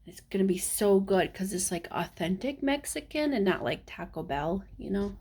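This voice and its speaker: A young woman from the Midwest with a Midwestern accent, rambling casually to camera in a vlog, with lots of ums and trailing pauses. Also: medium pitch, background noise. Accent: Midwestern American. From American Midwest. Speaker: vlogger.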